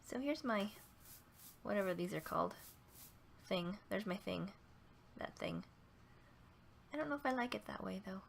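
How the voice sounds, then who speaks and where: With lively intonation and a medium pitch, she speaks at a normal speed, creaky and pausing often, while casually narrating her gameplay and addressing the animals on screen. She makes gaming videos, and this one was recorded at home with noticeable noise.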